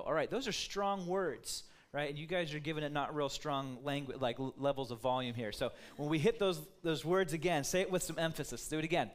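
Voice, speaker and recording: Lively, conversational male preacher. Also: fairly high pitch, fairly quick, few pauses. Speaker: pastor. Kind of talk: sermon.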